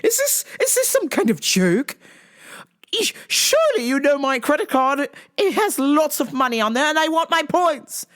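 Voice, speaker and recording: Brief: a woman doing a fussy, grand older mother, pitched way up, swooping. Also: sing-song, normal speed, a bit bright. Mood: fussy, dramatic.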